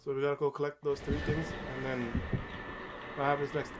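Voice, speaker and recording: Gamer host: man, rapid and slightly high, excitable, repeats himself. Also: heavy background noise. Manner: excited, stumbles and repeats words. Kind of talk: casual gameplay commentary.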